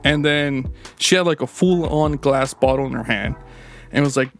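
This male podcast co-host speaks at a moderate pace in a medium-pitched voice while faint music plays behind him. In a relaxed storytelling chat, his tales wander, swear freely, and are packed with fillers.

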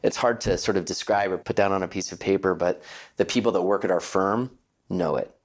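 A man speaking as an interview guest about the investment firm where he works, measured and earnest as he thinks aloud. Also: low voice. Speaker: guest, partner at his late father's investment firm. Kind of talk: reflective interview answers.

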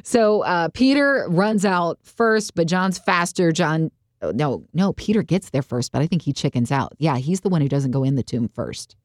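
Low-voiced woman retelling a story. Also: normal speed, no echo, studio quality. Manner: animated storytelling, acts out quotes. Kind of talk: casual faith discussion.

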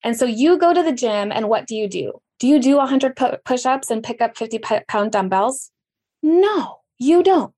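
A woman's voice: fairly high pitch, animated, brisk, few pauses, mellow. A woman telling her story in a casual podcast conversation, with sudden jumps up in her voice for emphasis.

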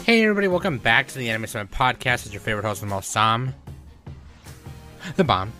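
A man's voice: medium pitch, very animated, quick pace, music in the background. A man hosting a casual podcast chat, joking and bantering with his co-hosts. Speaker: podcast host.

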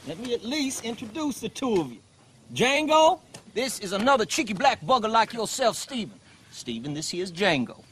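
An actor playing a smug, teasing male plantation owner in a film, with a smooth, mocking, theatrical manner. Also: high-pitched, sing-song, moderate pace, a bit bright, slight background noise. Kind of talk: film drama.

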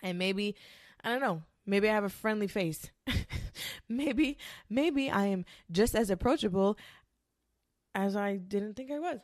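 A woman's voice: mid-range voice, lively intonation, unhurried, pauses often, a little mellow, no echo, clean studio sound. Blunt, foul-mouthed woman ranting. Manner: blunt, profane, emphatic. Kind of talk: casual rant to camera.

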